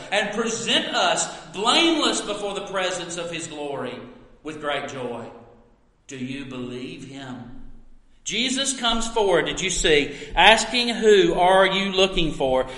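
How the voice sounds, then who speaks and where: A man preaching a sermon in an earnest voice, asking his listeners many questions and swinging between loud and soft passages. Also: a little high. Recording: roomy hall with long echo.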